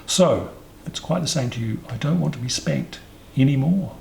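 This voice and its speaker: A man's voice: mid-range voice, animated, moderate pace, gravelly, darkish tone, slight background noise, pitched above the performer's own voice. A man voicing a polite, curious young elephant calf who pleads earnestly. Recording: roomy echo, faint ambience.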